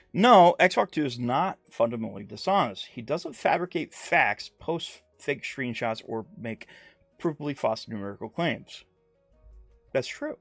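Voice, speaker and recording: Gravelly-voiced man ranting casually. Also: medium pitch, dry recording. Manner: rambling, repetitive, with mocking put-on quotes. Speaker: YouTube commentator. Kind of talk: casual streamed commentary.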